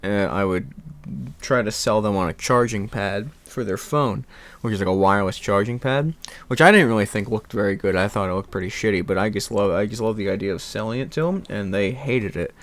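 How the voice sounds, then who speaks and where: A young man vlogs in a rambling, animated casual chat, laughing and swearing now and then. His voice is lowish and he talks fairly quickly.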